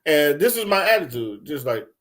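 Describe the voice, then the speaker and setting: A young man ranting casually, telling loose, profane stories with lots of laughter and swings between loud bursts and low mumbles. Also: big pitch swings, moderate pace. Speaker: commentator. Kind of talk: casual rant.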